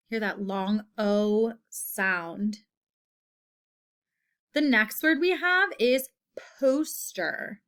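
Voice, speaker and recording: Slow, patient woman teaching phonics. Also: a little high, fairly bright tone. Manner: slow, patient, drawn-out word modeling. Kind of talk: recorded phonics lesson for children.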